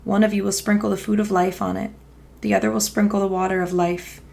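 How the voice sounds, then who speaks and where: A woman voicing a troubled father god giving grave, measured instructions. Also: medium pitch, flat delivery, creaky, darkish tone. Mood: instructing.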